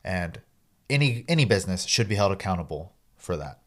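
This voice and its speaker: Blunt low-voiced male podcast co-host. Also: big pitch swings, fairly quick. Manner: blunt, repetitive, sarcastic. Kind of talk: casual gaming podcast chat.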